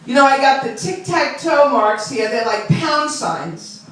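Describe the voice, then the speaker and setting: A woman's voice: high-pitched, unhurried. A woman, doing a chatty, self-deprecating stand-up set and talking to the crowd. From Long Island. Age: 60s. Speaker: stand-up comedian. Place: small club. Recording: roomy club sound from a distant mic.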